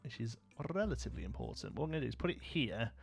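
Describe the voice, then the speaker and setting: Male streamer, casual rambling commentary while playing, mid-pitched voice. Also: very animated, rapid-fire, creaky, faint music behind. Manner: chatty and rambling, chats with viewers. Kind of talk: live gameplay commentary.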